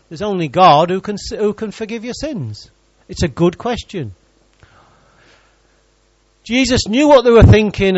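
A man's voice: high-pitched, no room sound, lo-fi sound. A man preaching a sermon in church, reading scripture and joking with the congregation.

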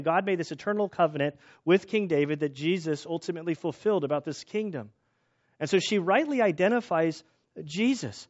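A man's voice: high voice, lo-fi sound. A man teaching a Bible passage in a conversational way, thinking aloud in an earnest, musing tone.

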